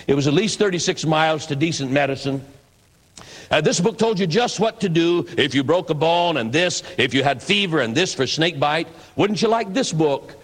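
A man's voice: on the high side, normal speed, a bit bright. A man preaching in a reflective, conversational storytelling manner. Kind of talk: storytelling sermon.

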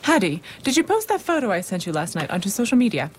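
A woman playing a vain, bossy company manager in an audio drama, brisk and self-important. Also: medium pitch, sing-song, background noise, lightly acted.

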